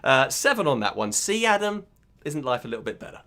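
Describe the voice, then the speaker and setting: Lively, bright-toned British quiz host. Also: male voice, medium pitch, brisk. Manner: upbeat, teasing, reads out viewer answers. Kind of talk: online pub quiz hosting.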